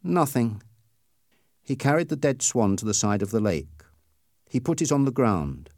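A man's voice: on the low side, very animated, a little mellow, no room sound, clean studio sound. A man reading a story aloud as narrator, in scripted storybook narration. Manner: slow, clearly paced reading.

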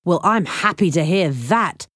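A woman's voice: on the low side, lively intonation, unhurried, a bit bright, dry recording, clean studio sound. A woman narrator voicing an eager young man in a storybook, speaking earnestly.

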